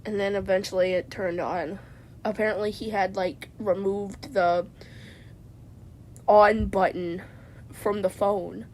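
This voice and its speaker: A woman's voice: mid-range voice, steady tone, slow pace, long pauses, a little mellow, a little hiss or hum. A woman vlogger telling a rambling comedic story from inside a parked car, stammering and tacking "man" onto her sentences.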